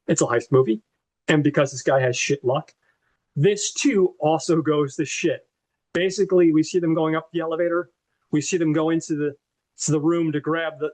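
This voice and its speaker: A man with a slightly high voice co-hosts a podcast and retells a movie plot. He is animated and profane and talks with plenty of fillers. The tone is a relaxed, chatty recap. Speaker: podcast co-host.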